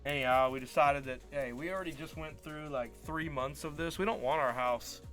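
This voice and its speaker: A man's voice: on the high side, fairly even intonation, brisk, fairly bright tone. A man telling a long, frustrated story in casual live-stream chat as a card break host, acting out quoted dialogue. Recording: faint music behind.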